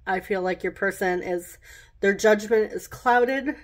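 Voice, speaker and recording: A woman's voice: medium pitch, measured pace. A woman giving a casual pick-a-card tarot reading, chatty and rambling, often laughing at herself as she works through the cards.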